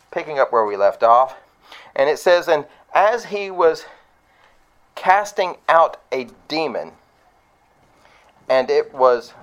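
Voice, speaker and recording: Male pastor, slightly high voice, conversational sermon, acts out quotes with sharp pitch jumps. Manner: conversational preaching with asides to the congregation.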